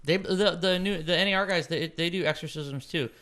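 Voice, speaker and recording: A man's voice: a little high, brisk, bright, forceful tone, clean tone. A man co-hosting a podcast in casual chat, often restarting and repeating words as he thinks aloud. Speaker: podcast co-host.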